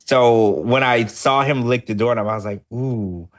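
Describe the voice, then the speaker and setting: Man, podcast co-host, casual chat, chatty, animated, middle pitch. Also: moderate pace. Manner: chatty and animated, with big upward swings when excited.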